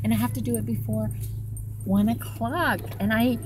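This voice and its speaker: A woman's voice: on the high side, steady tone, normal speed, darkish tone, slight background noise. A woman chatting casually in a vlog, rambling and swearing freely while sitting in her car at a drive-through. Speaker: vlogger.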